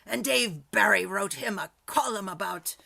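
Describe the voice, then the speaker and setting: A woman's voice: mid-range voice, normal speed, creaky, bright, forceful tone. A woman hosting an online improv show, chatty and jokey.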